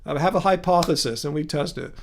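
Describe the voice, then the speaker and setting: A man hosting a casual livestream from his home studio, chatting with viewers and reading their comments aloud, thinking out loud with frequent restarts. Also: a little high, quick pace, a little hiss or hum. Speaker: livestream host.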